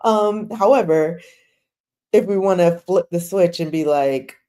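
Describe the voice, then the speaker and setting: A woman's voice: lowish voice, measured pace, mellow. A woman hosting a casual live chat, rambling with lots of "like"s and talking straight to her viewers. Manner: chatty, rambling with many "like"s; talks straight to the chat audience. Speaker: host of a drama chat show.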